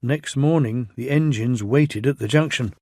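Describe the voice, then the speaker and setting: A man with a British accent reading a children's storybook aloud in a gentle, measured way. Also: medium pitch, no echo.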